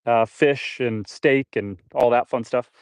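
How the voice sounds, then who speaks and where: A man's voice: mid-range voice, unhurried, clear, resonant tone, dry recording. A man chatting casually on a live stream while doing outdoor chores on his homestead, rambling to viewers and his animals. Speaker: homestead livestreamer. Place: outdoors on a homestead, watering trees.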